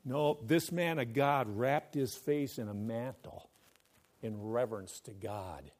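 This sermon comes from a man in the role of pastor, speaking slowly with a medium-pitched voice. He moves back and forth between forceful, loud statements and hushed, intimate moments.

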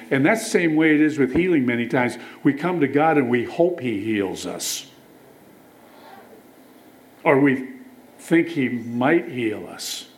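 This sermon comes from a man whose medium-pitched voice is animated yet a little slow, with frequent pauses. He tells stories, reads from scripture, and questions the congregation, all on poor-quality audio.

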